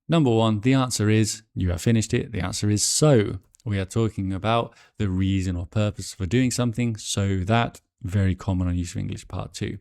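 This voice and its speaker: A low, gravelly male voice walks learners through exam answers in a chatty way, thinking aloud and correcting himself. The sound is dry and close. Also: a little mellow, no room sound. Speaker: English exam teacher.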